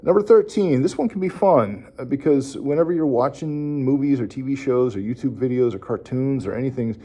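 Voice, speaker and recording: A man, a speech therapist, giving parents casual tips in a relaxed, rambling way with many fillers. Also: medium pitch, brisk, highs cut off. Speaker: speech-language pathologist. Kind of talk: casual instructional talk to parents.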